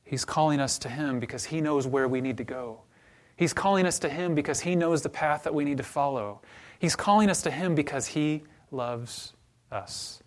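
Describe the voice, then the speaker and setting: Man preaching a storytelling sermon. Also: a little high. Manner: storytelling, then softer and slower toward the closing prayer. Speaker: pastor.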